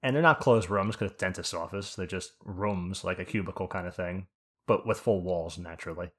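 A New Jersey man hosting a podcast tells a story in casual conversation, speaking briskly in a low voice with a breathy edge. He's animated and swears freely, acting out the people he quotes.

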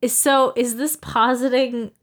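A woman co-hosting a podcast in casual chat, playful and animated, asking joking questions. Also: on the high side, takes it slowly. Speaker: podcast co-host.

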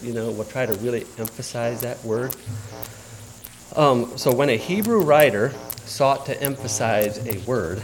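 A man delivering a sermon in a chatty, animated way, often jumping up loud for emphasis and then dropping to quiet, reflective asides. He asks his listeners questions as he goes. Faint music sits underneath. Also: medium pitch. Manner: conversational with fillers, asks the audience questions. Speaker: pastor.

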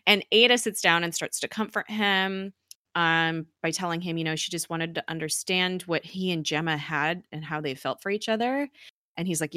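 A woman's voice: fairly low pitch, moderate pace, sharp tone, no room sound, clean studio sound. A woman in casual chat recapping a TV episode, acting out quoted lines and laughing often.

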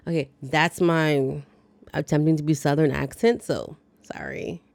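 A woman's voice: low voice, steady tone, a little slow, creaky, darkish tone, dry recording. A woman podcast host giving a chatty, wry, dryly joking casual recap of a movie. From lives in the American South.

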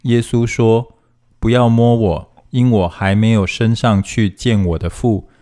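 Man, formal scripture reading, steady phrasing, lowish voice. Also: unhurried. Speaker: scripture reader.

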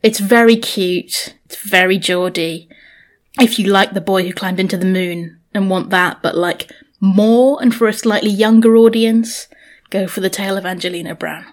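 A woman's voice: mid-range voice, normal speed. A woman from Britain talks books on a podcast in a loose, easy way. She laughs often and fills her sentences with "like". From United Kingdom. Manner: chatty, laughs often, says "like" a lot. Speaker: podcast co-host. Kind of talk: casual chat.

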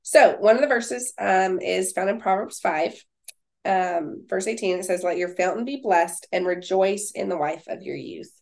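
A woman's voice: medium pitch, moderate pace. A young woman co-hosting a casual faith-based podcast, reading scripture verses and then chatting about them with fillers. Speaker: podcast co-host.

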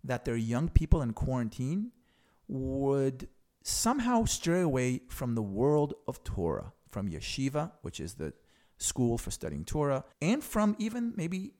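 A man's voice: mid-range voice, wildly swooping pitch, a little slow, warm tone. A man giving opinionated political commentary, explaining things frankly to the audience with a sarcastic edge.

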